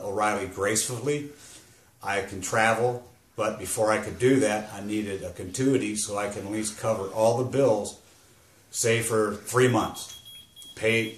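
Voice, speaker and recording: Grieving father in his fifties, fighting tears, deep voice, halting delivery, echoey room. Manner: halting, rambling with restarts. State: struggling to hold back emotion. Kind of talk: personal testimony. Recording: roomy echo.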